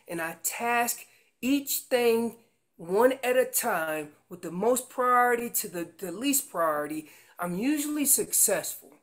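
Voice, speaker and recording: Slow, animated man teaching elk calls. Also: very high voice. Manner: earnest, repeats words while explaining. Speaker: elk calling instructor. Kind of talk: outdoor how-to teaching.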